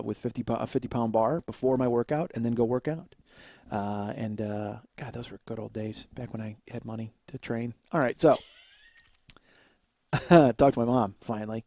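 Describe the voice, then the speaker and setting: Mellow rambling man telling comic stories. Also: medium pitch, moderate pace, no room sound. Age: 40s. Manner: rambling, self-deprecating, full of fillers. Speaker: comedy podcast host. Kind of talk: casual comedic storytelling monologue.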